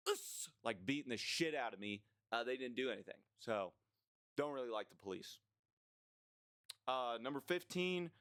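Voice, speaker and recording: A young man rants his way through a list of gripes, blunt, sarcastic and quick to swear. His voice is smooth and resonant at a middle pitch. It is recorded close to the mic in a dry, dead room. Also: fairly bright tone, no room sound. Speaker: vlogger. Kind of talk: casual ranting list commentary.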